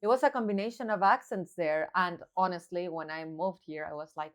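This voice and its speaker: Mexican-accented woman, thirties, podcast co-host, low-ish voice, chatty and animated. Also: brisk. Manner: chatty, laughing, animated storytelling. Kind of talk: casual chat.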